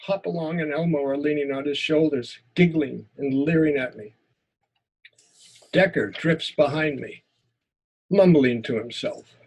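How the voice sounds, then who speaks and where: Male writing teacher, husky and a touch high, expressive first-person story reading. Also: measured pace, long pauses. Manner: expressive reading, repeats words in tense moments. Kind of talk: lecture and reading a memoir story aloud.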